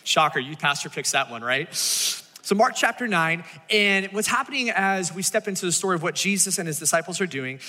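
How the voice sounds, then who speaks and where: A man's voice: high voice, animated, a little fast, bright, forceful tone, in a large hall. A man preaching a sermon as a pastor, talking casually and acting out voices as he tells the story.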